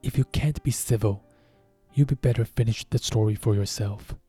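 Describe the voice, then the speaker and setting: A man voicing the Dormouse, a sleepy, sulky little creature with a hoarse, feeble voice, in a storybook reading. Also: lowish voice, moderate pace, warm tone, dry recording, faint music behind. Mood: drowsy.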